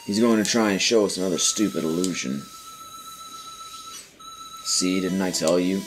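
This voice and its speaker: A man's voice: low-pitched, moderate pace, a little hiss or hum. A man hosting a game playthrough, reading the dialogue aloud with dry asides. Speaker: let's play host. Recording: faint game music behind.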